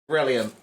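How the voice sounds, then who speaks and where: A male livestreamer chatting casually to his viewers, exasperated and swearing a lot as he cleans up. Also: a bit bright.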